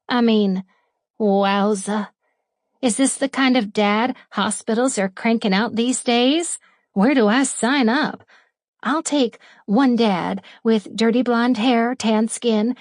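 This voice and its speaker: A woman reading a first-person romance audiobook in a playful manner, lingering over the words with breathy asides. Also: on the high side, a little mellow, dry recording, studio quality. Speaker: audiobook narrator.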